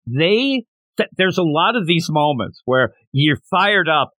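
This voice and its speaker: Male podcast host, slightly high voice, expressive storyteller, casual manga chat. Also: measured pace, dry recording. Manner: animated, acts out characters while retelling.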